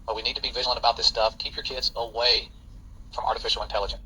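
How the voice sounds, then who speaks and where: A man's voice: medium pitch, level tone, racing, pushed and bright, a little hiss or hum, low-quality recording. A man, a father, reading passages aloud and commenting in an earnest, warning tone. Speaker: host and father.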